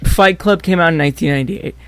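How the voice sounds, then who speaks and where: A young man with a high voice for a male speaker, recorded dry and close. He chats and jokes casually, often at his own expense. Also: fast, a bit bright, clear, resonant tone, no echo. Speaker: podcast co-host. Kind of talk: casual chat.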